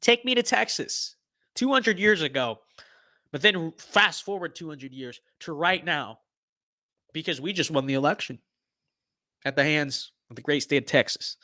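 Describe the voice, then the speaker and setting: A young man streaming a game and commenting casually, hyped, jokey and boastful, often shouting with excitement. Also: on the high side. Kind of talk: casual gaming livestream commentary.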